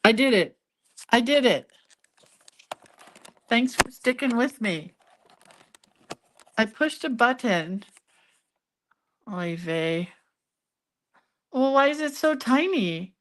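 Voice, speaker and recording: A woman's voice: sits high, animated, slow, pauses often, fairly bright tone. An older woman hosting a casual live drawing lesson, chatting and laughing at her own mistakes as she goes. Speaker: hand-lettering and doodling teacher.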